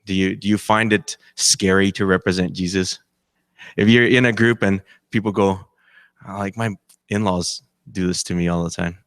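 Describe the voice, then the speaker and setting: A man's voice: low-pitched, steady tone, moderate pace, no echo, studio quality. A man preaching as a campus chaplain, talking with the congregation and asking them questions. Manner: conversational, asks the congregation questions; acts out quoted voices. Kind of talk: sermon.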